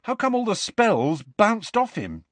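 A man's voice: high-pitched, wildly swooping pitch, a little slow, a bit bright, no room sound, pitched above the performer's own voice, full character voice. A man voicing a worried, blunt teenage schoolboy wizard in a storybook reading. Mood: alarmed.

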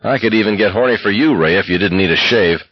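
A man voices a sardonic young man full of crude jokes and mock speeches. The voice rises a little above the reader's low, husky tone, on a slightly muffled recording. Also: quick pace, dry recording. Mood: joking. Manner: wisecracking, mocking.

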